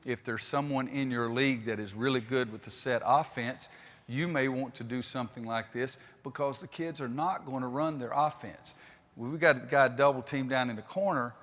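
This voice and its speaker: On a gym court with a long reverb tail, an older man coaching basketball speaks in a mid-range, slightly bright voice at moderate pace. He leads a clinic demonstration in a folksy way, directing players with calls.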